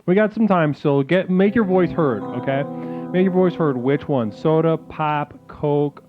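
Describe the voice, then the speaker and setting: A man's voice: fairly high pitch, lively intonation, a little slow. A man hosting an improvised comedy call-in stream, rambling and swearing, often restarting his sentences. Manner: rambling, profane, full of restarts. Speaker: call-in show host. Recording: tinny phone-like sound with music behind.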